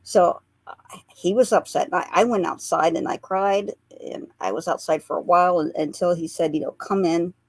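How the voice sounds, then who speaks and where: A woman's voice: on the low side, moderate pace, slightly rough, no echo. A woman, a guest on a radio interview, earnestly recounting memories in a storytelling manner and laughing through the lighter parts. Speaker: guest, psychic portrait artist.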